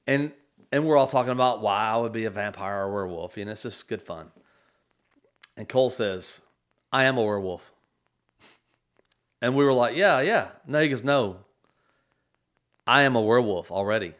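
A man in his forties telling a tender family story on a talk show, rambling with many restarts and fillers. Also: mid-range voice. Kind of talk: storytelling in casual chat.

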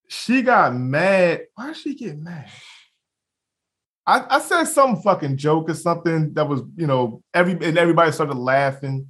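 A young man co-hosting a casual podcast, telling a story with lots of swearing and laughter and acting out the other people's lines. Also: on the high side. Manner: animated storyteller, acts out quotes, laughs, swears freely. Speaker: podcast co-host.

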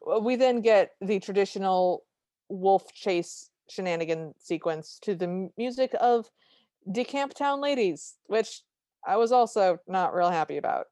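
A woman's voice: mid-range voice, moderate pace, dark tone, no echo. A woman with a mid-range voice chats on a podcast, recapping a cartoon scene by scene with dry, wry asides. The sound is close and dry, with no room in it. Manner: chatty, wry, retells the plot with asides. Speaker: podcast co-host.

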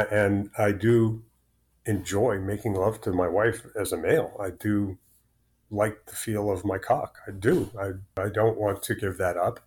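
Frank and self-deprecating, a Florida man in his sixties talks with a fairly low-pitched voice as an interview guest. The conversation is candid, and he tends to repeat words when starting a sentence.

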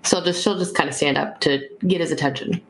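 A woman's voice: sits low, fairly even intonation, a little fast, low-quality recording. A woman player describing her character in a tabletop role-playing game, hesitant with many fillers.

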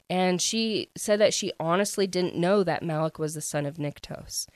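A woman telling a story in a relaxed, chatty way, with "like" and "um" scattered through her sentences. Her voice sits a little low. The sound is dry and close, with no room echo. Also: moderate pace, hardly any pauses. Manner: chatty, filler-heavy with frequent "like" and "um". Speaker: book recap vlogger. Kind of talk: casual plot retelling.

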